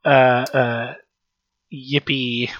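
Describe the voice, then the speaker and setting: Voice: medium pitch, level tone, drawn-out words, dry recording, muffled recording. A podcast co-host in casual chat, rambling and swearing freely while critiquing a story.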